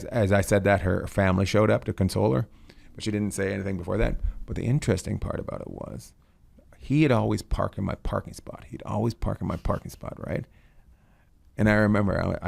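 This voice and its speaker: Gravelly low-voiced man, rambling host. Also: a little mellow. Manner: rambling storyteller, swears freely. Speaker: podcast host. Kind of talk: casual comedic chat.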